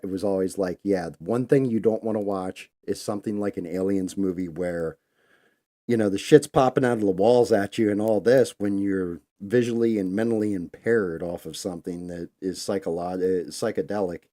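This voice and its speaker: A man's voice: low voice, mellow. A man hosting a live stream, telling loose, rambling stories in a casual, conversational way. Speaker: host.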